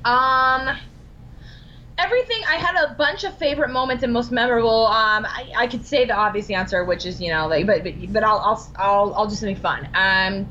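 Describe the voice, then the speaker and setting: A bubbly woman chats as a podcast guest, her voice bright and a little high, bouncing through stories where she acts out what everyone said. The recording is slightly dull with a faint hiss underneath. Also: fairly quick. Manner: bubbly, animated storytelling with quoted dialogue and laughs. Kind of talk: casual interview chat.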